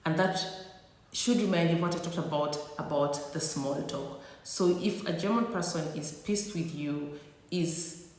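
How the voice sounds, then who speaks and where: A woman's voice: low-pitched, unhurried, darkish tone. A woman vlogger giving comedic advice to camera in a sassy, teasing, playfully exaggerated way. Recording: echoey room with long reverb.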